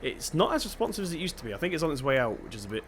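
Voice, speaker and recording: Very animated and speaking very fast, a young man from Devon, England, provides casual commentary on a farming game for his gaming channel. His Devon-accented voice is fairly high as he chats and thinks aloud, over slight background noise.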